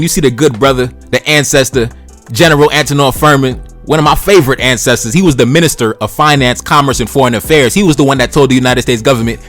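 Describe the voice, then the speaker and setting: Man, history-channel host, rapid delivery, reads then riffs bluntly with slang, faint music underneath. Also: medium pitch, fairly bright tone. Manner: blunt, profane, slangy asides between read passages. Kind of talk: casual history commentary, reading passages aloud.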